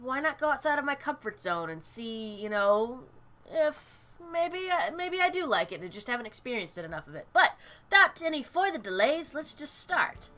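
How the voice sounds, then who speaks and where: A woman hosting a casual let's-play, chatty and giggly, reacting out loud as she reads a visual novel. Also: high voice. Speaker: gaming channel host.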